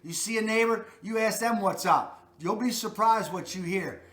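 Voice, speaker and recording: A man's voice: high voice, normal speed, fairly bright tone, roomy sound. A man with a Baltimore accent hosting a real estate video, giving folksy, emphatic advice straight to viewers. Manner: folksy, emphatic, repeats "that's a fact".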